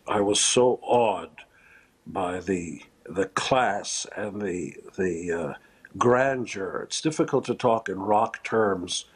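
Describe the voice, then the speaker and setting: A lower-pitched man with a husky, breathy voice, speaking as a guest in a live news interview from a remote location. He talks haltingly and with emotion, often restarting his sentences and filling gaps with "uh." The words come slowly and unevenly. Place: remote location far from the studio.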